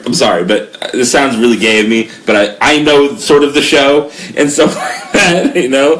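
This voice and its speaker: A man's voice: medium pitch, fairly bright tone. A man co-hosting a casual podcast, rambling and hesitant, with frequent fillers and swearing. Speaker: podcast co-host. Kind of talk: casual wrestling podcast chat.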